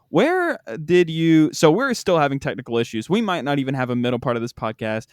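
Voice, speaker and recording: A man hosting a podcast, talking in a casual, excitable way with incredulous outbursts. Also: a little high, fairly quick, few pauses, clear, resonant tone, no echo, studio quality. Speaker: podcast host.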